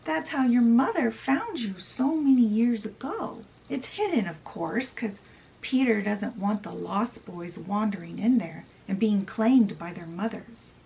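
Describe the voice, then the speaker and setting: A woman voicing cruel mermaids who taunt in a hushed, mocking tone. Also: mid-range voice, expressive, unhurried, creaky, poor audio.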